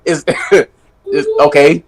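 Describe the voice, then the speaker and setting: A man with a somewhat high-pitched voice thinks out loud in a casual podcast chat. He rambles, restarts his sentences and leans on "like" as he works through a point. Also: husky, poor audio. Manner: rambling, with many restarts and fillers.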